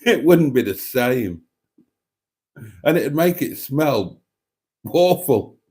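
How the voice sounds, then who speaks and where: A man's voice: medium pitch, lively intonation, takes it slowly, a little mellow. A man hosting a livestream, reading viewer comments aloud with groaning asides and bits of sung song lyrics. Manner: reads chat aloud, sings snatches of songs, groans and mutters asides. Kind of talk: casual livestream chat.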